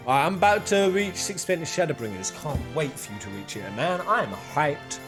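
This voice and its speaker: Animated streamer over game music. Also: male voice, medium pitch, moderate pace, hardly any pauses. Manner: animated, self-mocking, chatty. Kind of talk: casual gameplay commentary.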